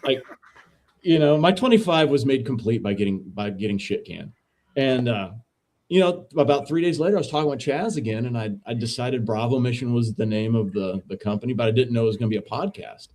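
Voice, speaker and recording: Man, mellow voice, laid-back, casual storytelling, swears freely. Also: mid-range voice, animated, brisk. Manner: laid-back, profane, says dude a lot. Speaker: veteran podcast co-host, guest.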